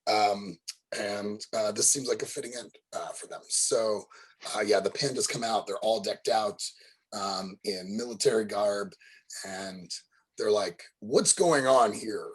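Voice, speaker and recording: A man narrating a tabletop roleplaying game as its game master. He talks slowly and hesitantly, with a husky, slightly low voice. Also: steady tone, low-quality recording. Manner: hesitant, full of ums and uhs.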